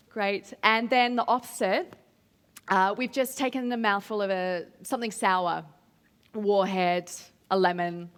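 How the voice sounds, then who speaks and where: Upbeat Australian woman leading warm-ups. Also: fairly high pitch. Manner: encouraging, upbeat, demonstrating exercises. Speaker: drama workshop facilitator. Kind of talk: guiding a voice warm-up.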